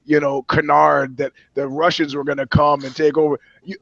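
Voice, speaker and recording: A man's voice: on the high side, flat delivery, normal speed, creaky, a bit bright, no room sound, lo-fi sound. A man who works as a journalist, co-hosting a podcast chat and telling stories bluntly and with plenty of swearing. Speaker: journalist and co-host.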